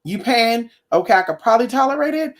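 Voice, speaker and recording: A young woman vlogging in a casual chat with her viewers, blunt and profane, telling animated stories. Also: on the high side, fast talker. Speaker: spiritual vlogger.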